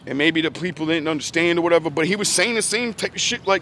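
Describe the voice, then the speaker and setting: High-voiced male vlogger, angry profane rant recorded in a car, faint traffic behind. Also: lively intonation, fast talker. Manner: angry, swearing, rising to shouts.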